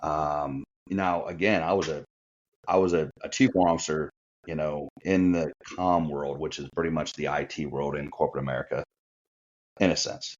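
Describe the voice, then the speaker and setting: A middle-aged retired Marine officer with a rumbling low, steady voice tells an anecdote on a podcast at normal speed, chatty and full of fillers in casual storytelling fashion. The audio is muffled and lo-fi.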